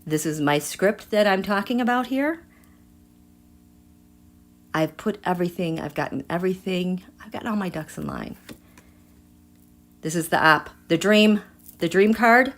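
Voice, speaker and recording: A woman hosting a live tarot reading who talks straight to her viewers and swings between hushed asides and excited outbursts. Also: lowish voice, unhurried, pauses often. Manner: chatty, addresses viewers directly. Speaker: tarot reader and livestream host.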